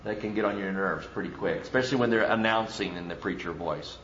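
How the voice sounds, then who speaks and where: A man's voice: lowish voice, fairly quick, hardly any pauses, a bit bright, a little hiss or hum. A man, a pastor, preaching a conversational sermon full of rhetorical questions and mock voices. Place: church. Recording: roomy, dull church recording.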